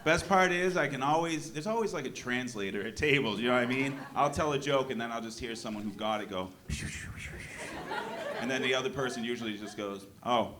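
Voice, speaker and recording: A man doing a stand-up set, telling deadpan one-liners and now and then breaking into loud outbursts at the audience. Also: mid-range voice, brisk. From New Hampshire. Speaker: stand-up comedian. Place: comedy club stage. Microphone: handheld stage mic. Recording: live club recording with crowd noise. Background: audience laughter.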